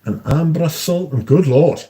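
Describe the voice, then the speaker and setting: British bloke on a livestream, mellow voice, casual swear-y chat reading out comments. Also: male voice, a little high, expressive, measured pace, husky. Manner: chatty, swears freely, frequent fillers.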